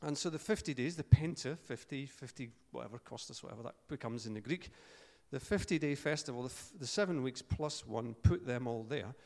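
Scottish preacher in a reverberant hall. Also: male voice, medium pitch, brisk, gravelly, hardly any pauses, darkish tone. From Scotland. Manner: chatty, joking asides, frequent fillers and restarts. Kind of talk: informal sermon with storytelling.

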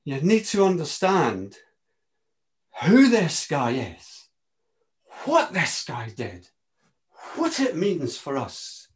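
A man preaching a sermon, impassioned, moving between quiet asides and ringing emphasis. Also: sits high.

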